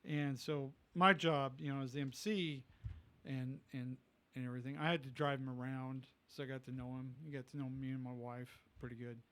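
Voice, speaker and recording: A man's voice: medium pitch, steady tone, moderate pace, fairly bright tone. A middle-aged man, a comedian guest, telling a rambling anecdote in casual podcast talk and acting out the people he quotes. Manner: rambling anecdote teller, acts out quoted voices.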